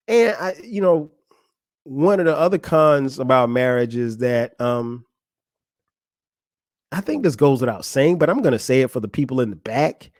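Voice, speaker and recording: A middle-aged man speaks in an easygoing solo podcast monologue, chuckling now and then and circling back over his own words. His voice sits at an ordinary male pitch. The sound is dry and close, with no room around it. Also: a little mellow, dry recording. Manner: conversational, laughs often, repeats and restarts. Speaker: podcast host. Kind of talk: casual monologue.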